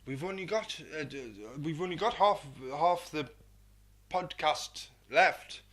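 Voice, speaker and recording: Rambling radio host, bright voice. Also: male voice, a little high, slow. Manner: rambling, self-mocking, talks to an imagined animal. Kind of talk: comedic local radio chat.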